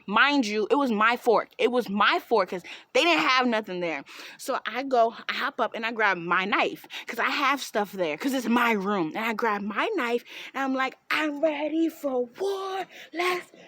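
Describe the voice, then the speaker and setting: A young woman telling an animated storytime, breaking into laughs and shouts as she goes. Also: fairly high pitch. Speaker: vlogger.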